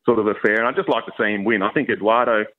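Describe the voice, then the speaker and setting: A man's voice: on the low side, rapid-fire. A man, a racing writer guest on radio, speaking enthusiastically. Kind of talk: phone-in radio interview. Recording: tinny phone line.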